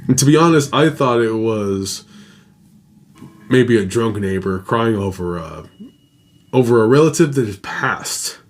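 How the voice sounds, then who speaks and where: A man's voice: on the low side, lively intonation, a little slow, long pauses. A man hosting a show, reading a listener's ghost story aloud in a casual, dramatic way with his own asides. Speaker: host.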